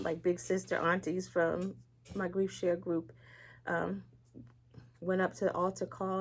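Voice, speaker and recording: A woman speaking as an interview guest, giving a candid faith testimony, acting out what others said and laughing lightly between serious words. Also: lowish voice. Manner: candid and emotional, acts out quoted speech. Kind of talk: personal faith testimony in conversation.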